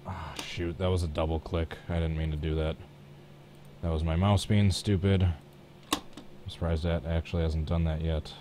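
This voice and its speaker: Over background noise, a deep-voiced man talks at a moderate pace with little pitch movement. He is streaming live, working step by step through painting a race truck on his computer and chatting casually at his own expense.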